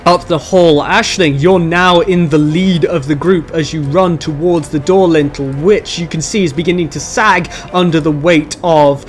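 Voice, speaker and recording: Male game master, high voice, dramatic narration, soft music under it. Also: moderate pace, few pauses. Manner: lively, dramatic scene narration.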